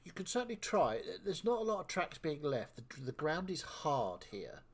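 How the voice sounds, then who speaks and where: A man's voice: on the high side, sing-song, normal speed, husky. A man narrating as game master, chatty and descriptive with joking asides.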